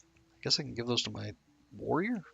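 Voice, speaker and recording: A man's voice: mid-range voice, steady tone, fast, gravelly, sharp tone, husky, no room sound. A man giving casual, rambling commentary while playing a game, muttering asides and cracking jokes. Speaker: gaming YouTuber.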